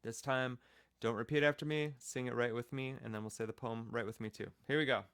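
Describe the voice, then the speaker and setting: A man's voice: medium pitch, fairly even intonation, brisk, a bit bright. A man teaching a children's music class, patiently explaining rhythm step by step and counting off the beat.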